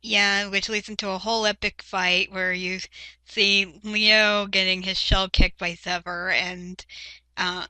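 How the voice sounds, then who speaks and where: A woman's voice: mid-range voice, level tone, a little slow, pushed and bright, smooth, no echo, low-quality recording. A young woman co-hosting a casual fan chat, sharing show trivia with lots of fillers. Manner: chatty, shares trivia with hesitant fillers. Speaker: podcast co-host.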